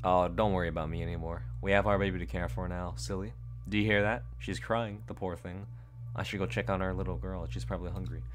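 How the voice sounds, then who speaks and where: A man voicing an eerie, calm young wife and grieving mother in a horror game, reading her lines softly and quietly. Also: deep voice, fast, lightly acted.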